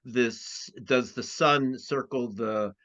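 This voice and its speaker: Speaking slowly in a medium pitch with a fairly bright tone, a man appears as an astrologer guest in a chatty interview. His talk rambles, with many restarts and fillers, over a dull lo-fi recording.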